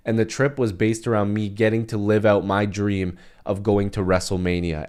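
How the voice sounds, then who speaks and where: A man's voice: fairly low pitch, darkish tone, clean tone. A man hosting his own channel, giving a passionate, emphatic opinion monologue in casual talk. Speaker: wrestling commentary channel host.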